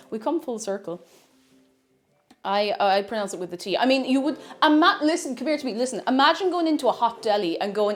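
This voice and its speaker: A woman's voice: on the high side, lively intonation, fairly quick, faint music behind. A woman with an Irish accent, chatty and self-mocking, thinking aloud as she cooks on a stream in her home kitchen. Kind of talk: casual cooking stream chat.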